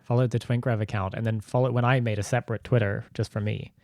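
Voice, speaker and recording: A man's voice: on the low side, fairly even intonation, fast, darkish tone, no echo, clean studio sound. A man hosting a podcast, chatting casually with rambling, giggly talk full of restarts. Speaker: podcast host.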